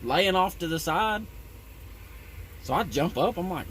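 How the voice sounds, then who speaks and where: A man's voice: high voice, animated, measured pace, fairly bright tone, slight background noise. Rambling, profane working man. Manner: rambling and profane, with lots of "you know". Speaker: tree-trimming crew worker. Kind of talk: casual storytelling.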